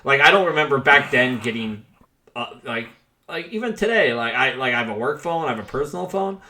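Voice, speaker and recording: A man's voice: mid-range voice, brisk, slight background noise. A man in his forties co-hosting a podcast, telling stories in casual chat and acting out the quotes. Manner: animated storytelling with acted-out quotes. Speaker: podcast co-host.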